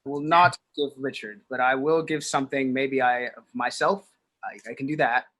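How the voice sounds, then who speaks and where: A man's voice: mid-range voice, steady tone, normal speed, fairly bright tone. A man improvising an earnest, solemn recitation in a comedy scene over a video call.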